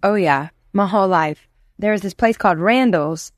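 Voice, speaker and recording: A woman from Louisiana in her thirties, a musician guest in an interview, telling stories in a lively way and acting out the voices she quotes. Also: mid-range voice, normal speed, no room sound, studio quality. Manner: animated storyteller, acts out quoted voices. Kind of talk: casual interview chat.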